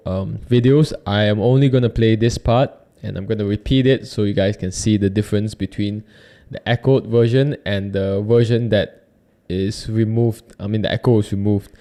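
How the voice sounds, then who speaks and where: A young YouTube host gives a casual review of a microphone, chatting, rambling and correcting himself along the way. His voice is lowish, mellow, clear and resonant.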